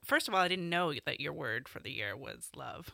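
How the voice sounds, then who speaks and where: A woman's voice: low voice, animated, moderate pace, gravelly, sharp tone, no room sound, studio quality. A woman hosting an interview, encouraging and appreciative toward her guest. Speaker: interview host.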